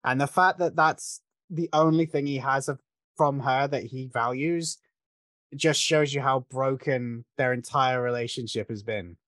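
Brief: male podcaster, mid-pitched, analytical film talk, dry close mic. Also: measured pace, fairly bright tone, no room sound. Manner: thoughtful, analytical, with frequent restarts. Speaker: podcast co-host discussing a film. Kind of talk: casual film discussion.

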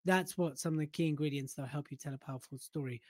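A man co-hosting a casual chat about public speaking, relaxed and playfully teasing. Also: a little high, quick pace, no echo, studio quality. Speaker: podcast co-host.

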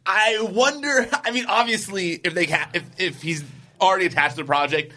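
A man talking casually as a podcast co-host, his voice higher than most and bright-edged. He is animated, laughs easily, and trails off mid-thought before picking the point back up. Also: fairly quick. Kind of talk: casual chat.

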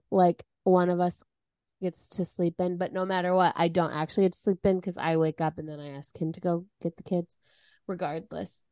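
Her voice sits lowish with some vocal fry, captured in studio quality with no echo. As a podcast co-host in casual conversation, she tells an animated story, performing each quote with dramatic shifts in her voice.

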